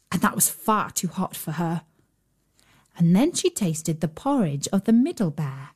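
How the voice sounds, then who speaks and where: A woman's voice: medium pitch, a little mellow. Woman narrating a fairy tale. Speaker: storyteller.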